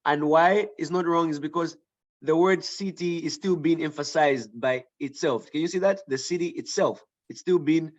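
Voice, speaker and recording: A man's voice: fairly high pitch, lo-fi sound. A man teaching a writing lesson, thinking aloud with fillers and restarts and often checking in with the class. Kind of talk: online grammar lesson.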